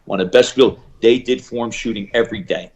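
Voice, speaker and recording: A middle-aged man, a shooting coach, telling stories in an animated interview and acting out the people he quotes. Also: mid-range voice, highs cut off, crowd noise. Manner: acts out quoted voices, fast bursts and emphatic repeats.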